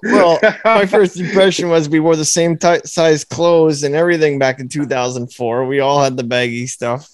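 A man's voice: on the high side, steady tone, no room sound. Dry-sounding man, joking host. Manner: quick interjections and jokes. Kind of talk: casual chat.

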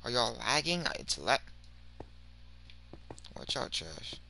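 A young man talks his way through a game in loose slang, drifting from low mumbles to sudden loud outbursts. His voice is gravelly and very bright, with wildly lively pitch. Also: slow pace, slight background noise. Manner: slangy, rambling, swings from mumbling to shouting. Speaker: gaming video creator. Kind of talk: casual gameplay commentary.

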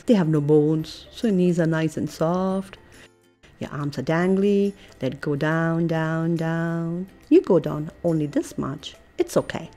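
American woman, preschool teacher, slow unhurried kids' yoga story, lively swoops, faint music behind. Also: deep voice. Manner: animated, playful, coaxing, with soft breathy asides. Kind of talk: reading a picture book with yoga poses for children.

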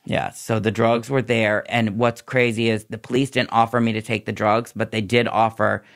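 Low gravelly man telling his story. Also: level tone, moderate pace. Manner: candid, tumbling run-on storytelling. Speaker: podcast guest, former nurse. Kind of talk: personal recovery story in a podcast interview.

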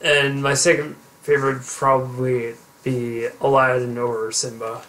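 A young man hosting a casual podcast chat while gaming, halting with many ums and uhs. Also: mid-range voice, flat delivery, a bit bright, rough recording. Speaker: podcast host.

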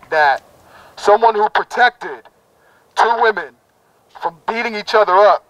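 A man with a high voice leads a prayer at an outdoor rally. He speaks fervently in rhythmic, repeated phrases, and his voice comes through dry and close. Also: fairly bright tone, no echo, low-quality recording. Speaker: protest speaker leading a prayer. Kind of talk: impassioned rally speech. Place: outdoor town plaza.

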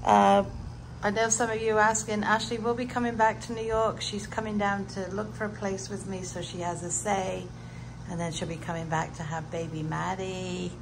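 A woman's voice: mid-range voice, level tone, moderate pace, creaky. A British woman vlogging casually while emptying her house, tired and chatty with an emotional edge. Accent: British English. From Britain. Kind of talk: casual vlog chat. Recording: noisy home recording.

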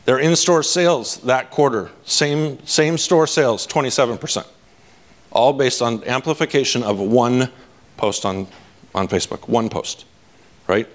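Energetic, blunt man giving a keynote. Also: medium pitch. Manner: energetic, casual and blunt, often asking the audience "right?". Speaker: conference speaker. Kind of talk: live keynote talk. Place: conference stage.

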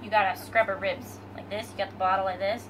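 A woman's voice: medium pitch, fairly even intonation, fast, noisy background. A woman helping feed puppies, chiming in with playful joking asides. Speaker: helper feeding puppies. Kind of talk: casual chat.

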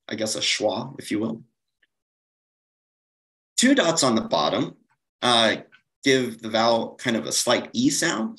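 A man's voice: mid-range voice, sing-song, measured pace, pauses often, fairly bright tone, low-quality recording. A man giving a slide-based conference lecture, explaining steadily with occasional fillers and self-corrections. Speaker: conference presenter.

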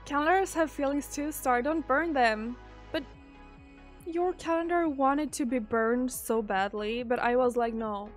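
High-voiced woman chatting with her stream. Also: unhurried, soft background music. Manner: chatty, reads out viewer messages and answers them. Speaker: streamer reading chat. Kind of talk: casual live-stream chat.

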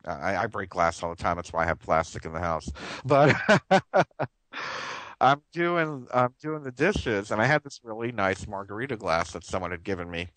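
A man's voice: fairly low pitch, moderate pace, a bit bright, dry recording, low-quality recording. A man hosting a live radio talk show, talking earnestly and rambling, with frequent restarts and chuckles.

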